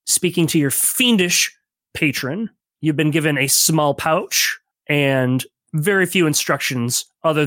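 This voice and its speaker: A man's voice: fairly high pitch, a bit bright, no room sound. Joking man as game master. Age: 30s. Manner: casual, joking, laughs often. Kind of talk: narrating a tabletop game.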